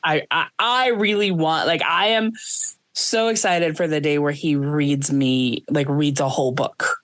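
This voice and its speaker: A woman's voice: deep voice, steady tone, a little slow, a bit bright, no room sound. A woman co-hosting a podcast, chatting casually and rambling with many restarts. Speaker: podcast co-host. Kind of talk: casual chat.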